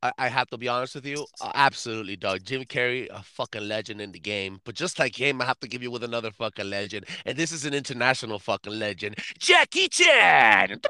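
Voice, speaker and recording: A man's voice: medium pitch, fast, hardly any pauses, clear, resonant tone, no room sound, studio quality. A man co-hosting a podcast in casual banter, mocking and laughing, with lots of swearing. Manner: lively, mocking, laughing, profane. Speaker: podcast co-host.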